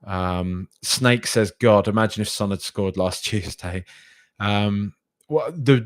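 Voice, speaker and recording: Guy chatting on his podcast, kinda low voice, dry close sound, rambles and repeats himself. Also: a little slow, no echo. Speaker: podcast host reading listener comments. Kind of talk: casual live-stream chat.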